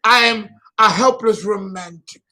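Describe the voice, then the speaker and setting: A man's voice: sits high, unhurried, sharp tone. A man hosting an astrology channel, talking casually and theatrically, often exclaiming and laughing at himself. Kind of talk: casual solo astrology talk.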